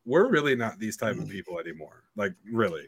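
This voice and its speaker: A young man hosting a podcast, telling a story in a blunt, profane, animated way. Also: fairly low pitch, brisk, creaky, slightly rough. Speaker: podcast host. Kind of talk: casual storytelling chat.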